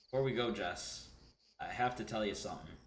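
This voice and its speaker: A man's voice: on the low side, fairly quick, reverberant, a little hiss or hum, pitched below the performer's own voice, lightly acted. A man voicing a brash, boastful young swordsman, reading game dialogue on stream.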